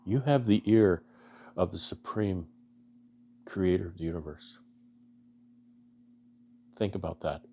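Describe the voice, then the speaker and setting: A deep-voiced man from Canada with a gravelly, fry-laden tone speaks to camera as a beekeeping vlogger. He talks in an earnest, halting way, restarting his sentences often. His voice is emotional and close to choking up. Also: warm tone. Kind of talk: casual heartfelt talk to camera.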